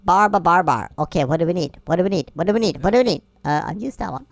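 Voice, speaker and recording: A woman playing a video game and commenting, excitable and self-mocking, often yelling at the game. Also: on the low side, fast, vocal fry, no room sound. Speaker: gameplay commentator.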